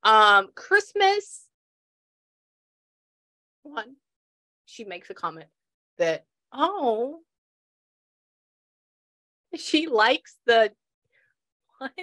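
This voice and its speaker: A woman's voice: on the high side, sing-song, drawn-out words, long pauses, pushed and bright. A woman working as a psychic medium in a casual session, chatty and laughing as she passes on messages.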